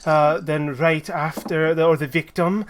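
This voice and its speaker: A man's voice: on the high side, fairly even intonation, measured pace, slight background noise, close to an everyday voice. A man voicing an eccentric woman florist who gushes over a deadly plant, flustered and stammering. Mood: fussy.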